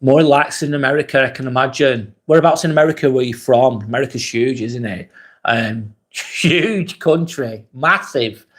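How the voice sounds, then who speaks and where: A man hosting a casual live vlog, reading viewer comments in a relaxed, chatty way and asking lots of questions. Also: mid-range voice, moderate pace. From England.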